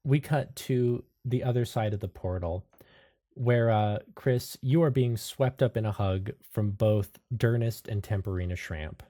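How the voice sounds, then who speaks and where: A man's voice: lowish voice, unhurried, mellow. A man narrating as game master of a tabletop game, laughing often and jumping into character voices.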